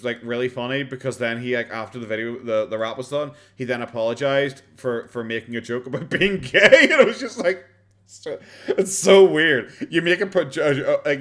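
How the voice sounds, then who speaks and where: An Irish man chatting casually on a live stream while reacting to videos. He rambles, swears and laughs often, and keeps his voice down. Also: mid-range voice. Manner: kept quiet, not loud.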